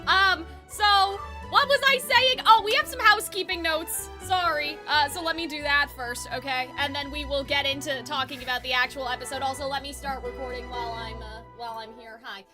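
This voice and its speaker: A woman's voice: sits high, steady tone, fairly quick, few pauses, over music. A woman hosting a casual livestream chat, a little congested and sniffly, talking in a chatty, giggly, rambling way. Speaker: YouTube host.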